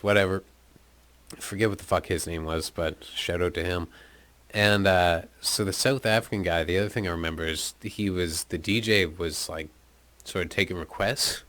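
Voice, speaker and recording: A man's voice: low voice, pushed and bright. A man from North America telling a rambling, profane travel anecdote in a laid-back, casual way. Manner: profane, laid-back storytelling with frequent fillers. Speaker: storyteller recounting travels.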